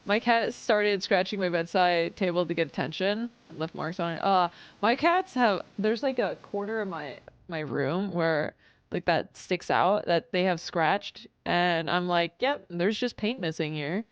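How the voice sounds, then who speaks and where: A woman's voice: fairly low pitch, unhurried, dull audio. A woman streaming live, chatting casually with viewers, reading chat aloud and swearing as she acts out customers.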